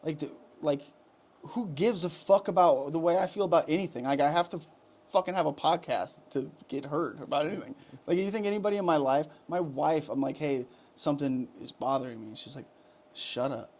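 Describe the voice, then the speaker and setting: A man's voice: a little high, fairly quick, a little mellow. A man in his thirties ranting heatedly on a podcast, profane and rambling, with many restarts. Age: 30s. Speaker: podcast co-host. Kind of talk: casual ranting chat.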